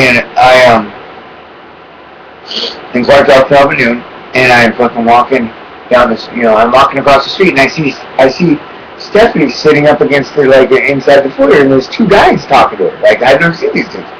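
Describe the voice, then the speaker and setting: A man's voice: medium pitch, slight background noise, low-quality recording. A man telling a personal story to his webcam in a rambling, urgent way, swearing often and repeating himself. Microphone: webcam microphone.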